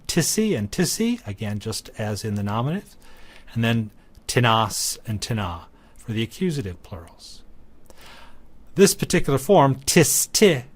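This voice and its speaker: A man teaching Greek grammar in a recorded lecture, explaining each form patiently and methodically, with frequent ums. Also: medium pitch. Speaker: Greek instructor.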